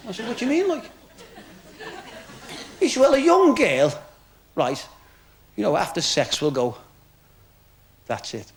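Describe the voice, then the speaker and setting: A man's voice: high voice, wildly swooping pitch, moderate pace, long pauses. A male stand-up comedian telling jokes in a chatty way, full of "you know" asides. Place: club stage before a laughing audience. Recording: crowd noise, noisy 1970s TV recording.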